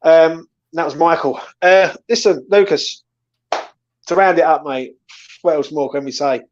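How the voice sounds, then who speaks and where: A man's voice: on the high side, measured pace, slight background noise. Gutted man, lo-fi sound. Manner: emotional, swearing, gutted. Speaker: host. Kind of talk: casual post-match chat. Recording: dull lo-fi audio.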